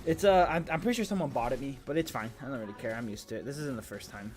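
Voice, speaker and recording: A man's voice: medium pitch, very fast, soft background music. A man streaming live commentary on a mobile game match, hyped and crudely joking, full of exclamations.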